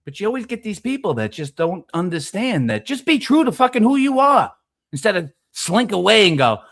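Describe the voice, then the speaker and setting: A man ranting in casual streamed panel chat, profane and preachy, with loud emphatic bursts. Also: high-pitched, huge pitch swings, fairly quick. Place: online streaming call.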